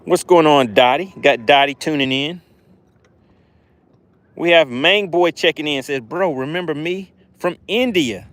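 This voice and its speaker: A man's voice: a little high, measured pace, fairly bright tone, dry recording. A man with a Southern accent hosting a fishing livestream, chatting upbeat with viewers and reading out their comments. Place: outdoors fishing.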